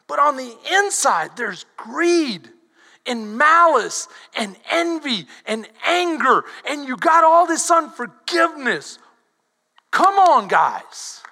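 A pastor preaches in an animated, rising style, bursting into shouts as he quotes. His voice is unusually high and piercingly bright. A long reverb trails him through the hall. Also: vocal fry. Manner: animated, switches to shouting when quoting. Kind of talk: sermon.

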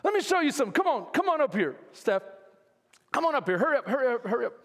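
High-voiced animated male preacher. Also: fast. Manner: animated, conversational preaching with call-outs to the congregation. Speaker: pastor. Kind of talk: lively sermon. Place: church sanctuary. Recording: long reverb of a church hall.

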